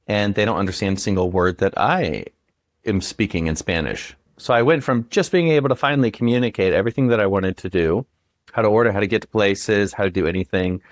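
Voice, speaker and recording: A man co-hosting a podcast in casual chat, animated and swearing, jumping high when excited. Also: no echo, studio quality. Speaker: podcast co-host.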